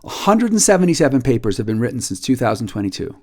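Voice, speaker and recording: A man leading a nonprofit, giving a casual video update as an animated storyteller who acts out quoted dialogue and repeats words when he gets excited. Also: mid-range voice, quick pace. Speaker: nonprofit leader.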